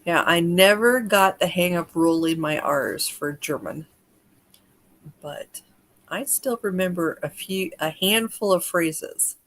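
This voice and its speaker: A chatty American woman runs a casual livestream, greeting viewers by name and talking them through the session. Her voice sits a little low for a woman. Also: takes it slowly, fairly bright tone. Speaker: energy healer hosting a livestream.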